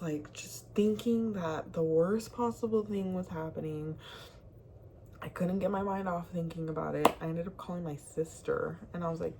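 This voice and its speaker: A young woman talking candidly to camera in a rambling, confessional way, now and then dropping to a hushed whisper. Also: lowish voice, moderate pace, noisy background. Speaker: vlogger. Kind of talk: candid personal talk to camera.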